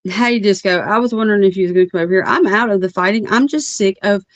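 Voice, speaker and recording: A woman at medium pitch rants fast on her livestream, barely pausing, in a blunt, profane and rambling manner with lots of fillers. There's no echo, and the stream audio is dull and lo-fi.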